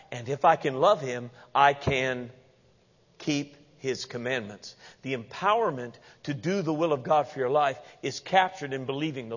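A man preaching a sermon as pastor, animated and playful, acting out the voices of the people he quotes. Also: medium pitch. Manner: animated, acts out quoted voices with humorous asides. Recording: dull lo-fi sound with long hall reverb.

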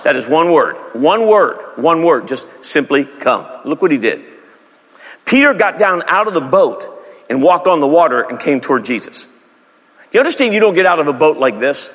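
Man, pastor, comic sermon, high voice, lively, big hall echo. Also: normal speed. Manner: animated, acts out characters in silly voices.

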